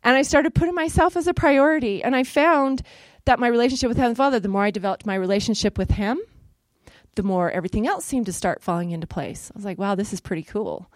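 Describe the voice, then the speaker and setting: A woman, middle-aged, sharing a personal testimony with an audience in a lively, self-mocking way, jumping into the voices of the people in her story. Her voice sits fairly high and is recorded dry and close, with no room echo. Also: fast talker. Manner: lively, self-deprecating storytelling with animated quoted asides. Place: in front of a live audience.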